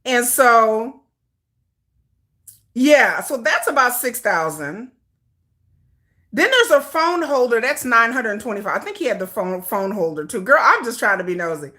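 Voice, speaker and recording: Unhurried and sing-song, with a fairly high pitch and a sharp tone, she leaves long pauses as she talks. The woman, a Detroit-based K-pop livestream host, chats casually and sassily from her home computer with a ring light, laughing frequently.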